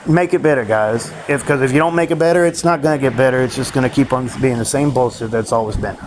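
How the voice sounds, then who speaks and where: A man's voice: mid-range voice, low-quality recording. A man ranting in a rambling vlog monologue, frustrated and swearing often, with faint vehicle noise behind him. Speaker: vlogger.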